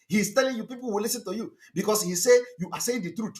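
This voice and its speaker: A man's voice: sits high, quick pace, few pauses. A man giving an impassioned broadcast monologue, mocking his critics with laughs and repeated rhetorical questions. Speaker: activist broadcaster.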